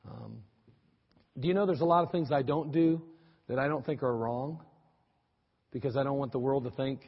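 A middle-aged man preaching a sermon, folksy and animated, with teasing asides to the congregation. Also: medium pitch, normal speed, slightly rough. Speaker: pastor. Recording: dull, lo-fi audio with long church-hall reverb.

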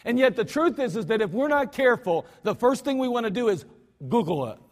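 A man's voice: very high voice, expressive, fast. A man preaching a sermon in a folksy, emphatic manner, with lots of repetition. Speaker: pastor. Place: church sanctuary. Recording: archived church service with long hall reverb.

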